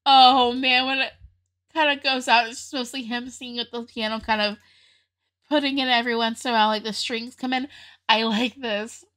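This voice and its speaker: A woman's voice: on the high side, fairly even intonation, moderate pace, a bit bright. A young woman hosting a casual music reaction video, chatty and openly emotional, often laughing as she talks.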